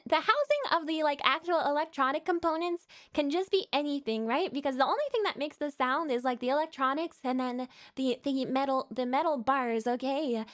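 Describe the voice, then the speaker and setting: High-voiced giggly woman streamer chatting. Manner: rambling, with many fillers and restarts. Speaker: VTuber streamer host. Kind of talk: casual live-stream chat.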